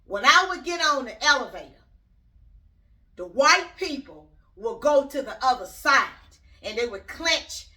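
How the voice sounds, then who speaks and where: Bright-voiced blunt woman vlogger. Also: high voice, animated, unhurried, far from the mic. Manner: blunt, rambling, talks straight to viewers. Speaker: YouTube channel host. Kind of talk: casual opinion vlog.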